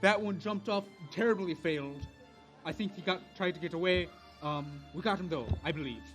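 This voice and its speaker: A man's voice: high-pitched, brisk, soft background music, close to an everyday voice. A man voicing a bumbling pirate posing as a guard, in a put-on Irish accent. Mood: bluffing.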